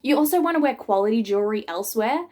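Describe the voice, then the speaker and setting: A young woman, a piercer reacting to memes in a casual vlog, animated and sarcastic, often slipping into mocking voices. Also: a little high, fast.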